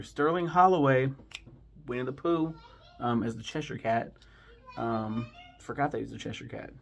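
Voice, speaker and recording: A man's voice: medium pitch, creaky. A man hosting a casual film commentary from home, rambling and swearing freely between lots of ums, with the eager tone of a fan. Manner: rambling and profane, with frequent ums; enthusiastic fan tone. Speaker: movie review host. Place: home with kids nearby.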